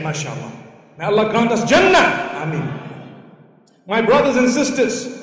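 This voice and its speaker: A man preaching a sermon, telling a story with animated, rising emphasis, in a large lecture hall. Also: very high voice, recorded from a distance. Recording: echoey hall with long reverb.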